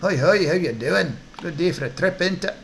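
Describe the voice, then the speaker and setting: A man's voice: high voice, expressive, normal speed, vocal fry, fairly bright tone, slight background noise, pitched above the performer's own voice, full character voice. A man voicing a twitchy male orc drug dealer with a Scottish accent and wheedling salesman patter. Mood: jittery.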